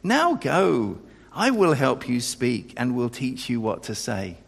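A man preaching a sermon, animated and acting out the dialogue of the figures he quotes, often breaking off and restarting. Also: a little slow, creaky. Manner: animated, acts out quoted dialogue with pitch jumps, self-interrupting. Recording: long reverb of a large hall.

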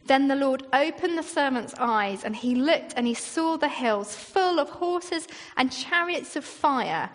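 A woman's voice: high-pitched, lively intonation, measured pace, hardly any pauses. A woman, a church leader preaching a sermon in a chatty way, full of rhetorical questions and acted-out quotes. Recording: long reverb in a hall.

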